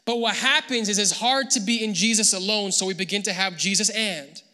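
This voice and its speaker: A man preaching a sermon as pastor, animated and acting out the people he quotes. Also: high-pitched, fairly quick, in a large hall. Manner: animated, acts out quoted voices. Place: church hall.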